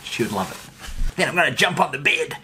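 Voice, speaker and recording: A man vlogging casually to camera from a hotel room, chatty and excitable, laughing often. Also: on the high side, fairly quick, slight background noise. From New Zealand. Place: hotel room during quarantine.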